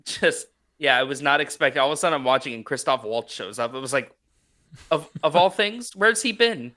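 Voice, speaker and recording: Bright-voiced man rambling on tangents. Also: medium pitch, lively intonation, a little fast. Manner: rambling, filler-heavy storytelling. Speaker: podcast co-host. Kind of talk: casual roundtable chat.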